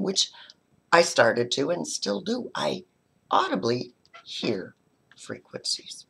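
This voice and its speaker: A middle-aged woman, a spiritual teacher, talking about her own experience in a halting, heartfelt way and now and then dropping to a whisper. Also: low-pitched, sing-song, gravelly, fairly bright tone, husky. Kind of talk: personal reflective talk.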